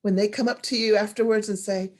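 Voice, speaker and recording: Woman teaching a storytelling workshop on zoom, expressive, goes quiet then loud, mid pitch. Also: fairly quick. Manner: expressive, animated, swings from hushed to loud.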